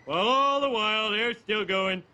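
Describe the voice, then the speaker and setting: An excitable cartoon dad. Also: male voice, high voice, normal speed, faint music behind. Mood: boastful. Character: bumbling cartoon family dad scheming. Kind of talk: cartoon voice acting.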